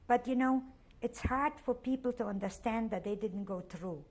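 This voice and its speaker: An older Polish woman with a Polish accent gives a halting, emotional oral history interview, often repeating herself. Her voice is a little high with a darkish tone.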